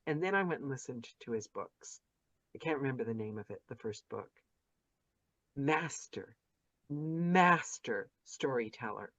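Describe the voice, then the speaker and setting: A woman's voice: very deep voice, expressive, measured pace, fairly bright tone, no room sound. A woman hosting a casual interview over a video call, chatty and effusive, gushing and restarting her sentences. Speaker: podcast host interviewing narrators. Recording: dull lo-fi video call audio.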